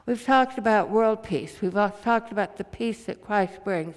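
A woman preacher giving a sermon, telling stories in a slow, deliberate way in a church. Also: mid-range voice. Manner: slow, deliberate storytelling delivery. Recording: reverberant hall.

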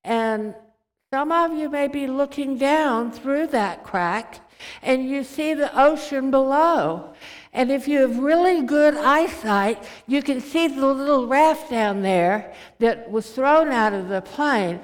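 A woman voicing a calm, reassuring male airline captain making soothing announcements to passengers. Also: high-pitched, slow, pitched above the performer's own voice. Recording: reverberant hall.

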